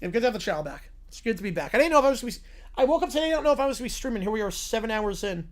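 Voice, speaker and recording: Casual male streamer with lively pitch. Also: rapid-fire. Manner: relaxed, repeats words when starting sentences. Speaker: livestream host. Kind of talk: casual livestream chat.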